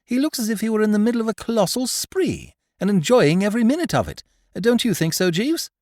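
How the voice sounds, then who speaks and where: A man's voice: high-pitched, expressive, fairly quick, darkish tone, no echo, studio quality, voice pushed up. A man doing a chirpy young English toff. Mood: breezy. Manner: chirpy, upper-class chatter. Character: young male English toff, breezy and jolly.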